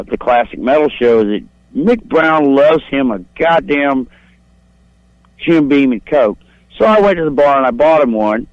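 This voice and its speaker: A man's voice: medium pitch, dry recording. A man phones in to a talk show and tells a long crude story. He rambles and boasts. The line is dull and lo-fi, with no room sound at all. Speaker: caller. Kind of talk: profane call-in storytelling.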